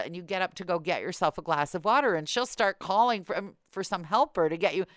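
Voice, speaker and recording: Wry low-voiced woman podcast host. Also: expressive, brisk, hardly any pauses, dry recording, studio quality. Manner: wry, storytelling with acted-out quotes. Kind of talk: casual chat.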